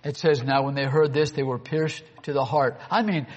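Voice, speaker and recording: A man's voice: medium pitch, normal speed, a little mellow, muffled recording. A man preaching a sermon, earnest and full of rhetorical questions to the congregation. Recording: long hall reverb.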